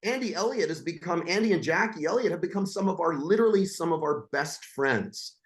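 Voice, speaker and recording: A man with a fairly high voice talks in a brash, swaggering way, dropping curses as he sells his coaching. He sounds like a confident salesman chatting on a podcast. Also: lively intonation. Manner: brash, swearing, fast-talking salesman. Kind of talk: casual podcast talk.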